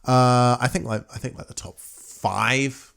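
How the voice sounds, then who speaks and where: A man's voice: mid-range voice, steady tone, measured pace, vocal fry, fairly bright tone. A man co-hosting a casual podcast chat, rambling and correcting himself as he goes. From England. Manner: rambling, self-correcting, laughs often. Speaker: podcast co-host.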